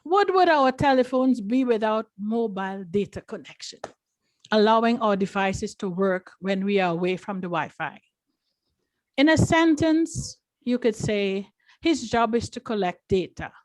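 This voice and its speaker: A woman's voice: medium pitch, animated, measured pace, no echo. Woman as meeting grammarian, instructive, dry close sound. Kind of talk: prepared explanation of a word.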